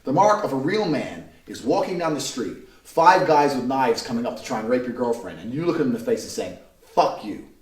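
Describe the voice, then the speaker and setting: A man's voice: mid-range voice, animated, fairly quick, hardly any pauses. A man talking bluntly and emphatically as a podcast guest, swearing freely. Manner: brash, profane, emphatic. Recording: roomy echo.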